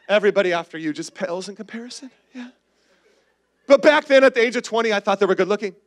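High-voiced man preaching with humor. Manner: humorous storytelling with call-and-response to the congregation. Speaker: pastor. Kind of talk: sermon.

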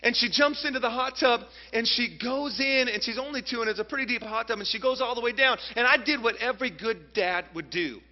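A man in his thirties preaching a sermon, telling a personal story in an animated way and speaking straight to his audience. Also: very high voice, a little fast, hardly any pauses. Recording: muffled, reverberant hall sound.

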